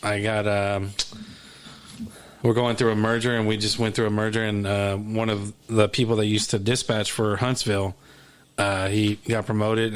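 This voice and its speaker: A podcast co-host with a fairly low, smooth voice chats casually. He rambles and pokes fun at himself, restarting his sentences often.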